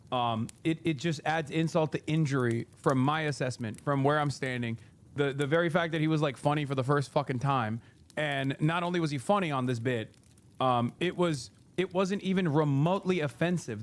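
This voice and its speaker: A man hosting a live stream, ranting in an angry, profane way and repeating phrases for emphasis. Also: a little high. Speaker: streamer host.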